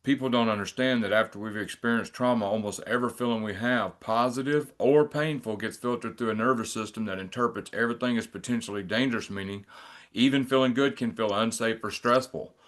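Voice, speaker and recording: A man's voice: mid-range voice, steady tone, brisk, fairly bright tone. A man hosting a casual interview, talking reflectively and earnestly with fillers.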